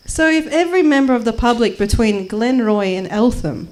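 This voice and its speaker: A woman's voice: a little high, animated, normal speed, hardly any pauses, darkish tone. A woman in her twenties with an Australian accent doing brash, jokey stand-up comedy and spoken word, live in a small venue. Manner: brash, jokey, acts out the people she quotes. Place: small performance space.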